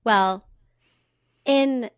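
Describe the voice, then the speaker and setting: A young woman co-hosting a podcast, chatting and telling a story in a relaxed, hesitant way. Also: on the high side, extremely slow, clear, resonant tone, no room sound, clean studio sound. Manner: relaxed, hesitant, many fillers. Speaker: podcast co-host. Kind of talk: casual chat and storytelling.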